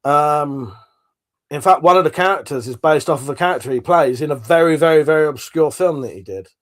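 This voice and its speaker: A man's voice: a little high, a little fast. A man hosting a livestream, chatting casually and rambling as he reads out comments, swearing now and then. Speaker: livestream host. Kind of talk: casual chat reading out live comments.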